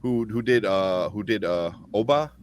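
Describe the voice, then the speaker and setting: A man co-hosting a casual movie review podcast, talking excitedly, swearing freely and retelling scenes. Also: lowish voice, a little slow, a little hiss or hum. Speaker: podcast co-host.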